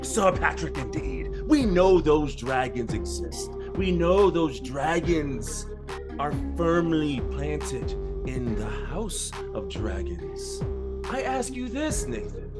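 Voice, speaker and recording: Animated man hosting a playful podcast game. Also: fairly high pitch, slow pace, music in the background. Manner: playful, mock-grand game-host delivery. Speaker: podcast co-host. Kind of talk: casual sports podcast chat.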